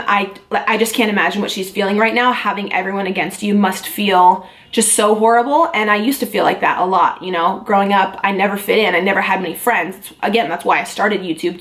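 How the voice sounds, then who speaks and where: Woman, young adult, beauty vlogger, earnest, confiding, filler words, mid-pitched voice. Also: a bit bright. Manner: earnest, confiding, with frequent ums and likes. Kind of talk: candid talking-head vlog.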